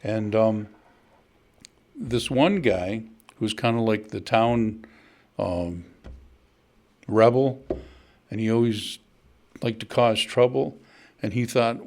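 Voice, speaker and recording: A man's voice: lowish voice, slow pace, long pauses, darkish tone. Storytelling man preaching a sermon. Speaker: pastor.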